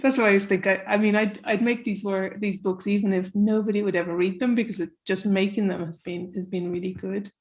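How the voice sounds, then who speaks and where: A woman's voice: medium pitch, fairly even intonation, brisk, hardly any pauses, darkish tone. A woman from Ireland, a comics author who is a guest on an interview and talks in a chatty way, with phrases that trail off and easy laughter. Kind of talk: casual conversation.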